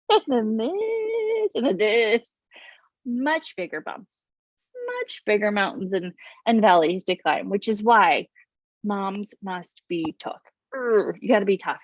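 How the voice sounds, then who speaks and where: A woman in her thirties hosting her own vlog as a business coach, talking to camera in a bubbly, animated way with playful exaggerated voices. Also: mid-range voice, no room sound, highs cut off. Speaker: business coach and channel host. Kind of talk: upbeat direct-to-camera vlog.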